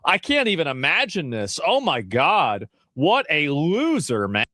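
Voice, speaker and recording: A man's voice: fairly high pitch, wildly swooping pitch, unhurried, bright, forceful tone, dry recording. A man hosting a casual commentary stream, mocking and exasperated, swearing and restarting his sentences. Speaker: streamer host.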